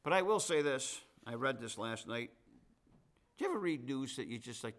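A man's voice: medium pitch, big pitch swings, moderate pace, a bit bright. A middle-aged man preaching a sermon to his congregation, mixing scripture with chatty asides and folksy humor. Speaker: pastor.

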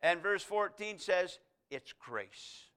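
A man delivers a sermon in a high-pitched, bright voice. He swings between loud, emphatic proclamation and soft, close asides to the congregation. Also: expressive, slow. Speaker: preacher.

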